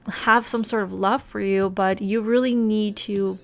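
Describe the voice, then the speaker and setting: A woman's voice: mid-range voice, fairly even intonation, a little slow, creaky, soft background music. A woman voicing a fed-up young wife. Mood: exasperated. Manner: exasperated and pleading.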